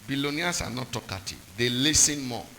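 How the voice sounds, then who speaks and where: A man's voice: medium pitch, expressive, brisk, creaky, bright, forceful tone, a little hiss or hum, low-quality recording. A man preaching a sermon, repeating points and quizzing the congregation with call-and-response questions.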